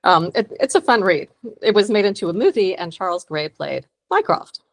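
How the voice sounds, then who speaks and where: A woman's voice: medium pitch, sing-song, moderate pace. A woman co-hosting a podcast in casual chat, adding wry asides and trivia. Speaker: podcast co-host.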